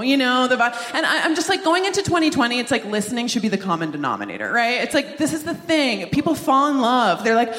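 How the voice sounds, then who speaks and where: A woman's voice: fairly high pitch, very animated, quick pace, hardly any pauses, fairly bright tone. A woman doing a stand-up comedy set on stage in a large theater, talking in a rambling, chatty way full of "like" and "you know". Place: large live theater hall with audience. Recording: echoey live hall with long reverb.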